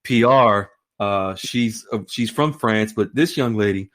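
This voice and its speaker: A man's voice: lowish voice, measured pace, a bit bright. A man hosting a casual chat, encouraging and introducing a guest. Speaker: host.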